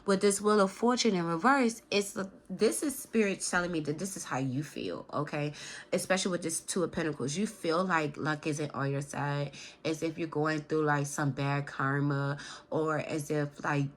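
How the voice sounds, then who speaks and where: A woman's voice: low voice, fairly even intonation, moderate pace. A woman in her thirties giving a casual, affectionate tarot card reading and talking straight to viewers, with a chatty manner. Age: 30s.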